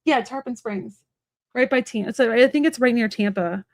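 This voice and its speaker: Fast, chatty woman reading tarot live. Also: on the high side, dry recording, clean studio sound. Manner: fast, rambling and chatty, many fillers. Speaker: psychic medium and tarot reader. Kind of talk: live-stream tarot reading, casual chat to viewers. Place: at home.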